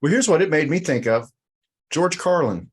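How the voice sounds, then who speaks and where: A man's voice: on the high side, expressive, moderate pace, breathy edge. A man hosting a casual podcast chat, easygoing and rambling as he tells a story. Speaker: podcast host.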